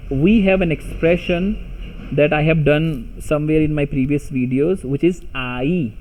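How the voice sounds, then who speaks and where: Slow mellow-voiced man teaching grammar. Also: on the high side, poor audio. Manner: patient, repeats example sentences in three languages. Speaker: language teacher. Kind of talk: slow explanatory tutorial.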